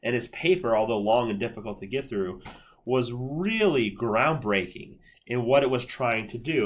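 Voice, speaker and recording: A man lecturing on psychology in a relaxed, conversational way, walking through examples step by step and checking in with his listeners. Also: mid-range voice, breathy edge. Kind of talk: recorded university lecture.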